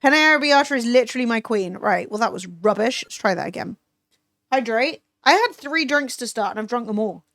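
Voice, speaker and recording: A young woman chatting casually with her livestream viewers, animated and swearing freely. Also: on the high side, a little fast, dry recording. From Southern Italian family. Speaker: streamer.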